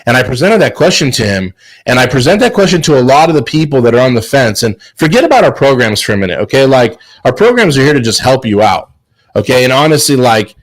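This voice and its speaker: A man's voice: medium pitch, animated, fast, rough recording. A man hosting a chef business show, giving an emphatic, preachy motivational talk on a video call. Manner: emphatic, preachy, repeats words. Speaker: host.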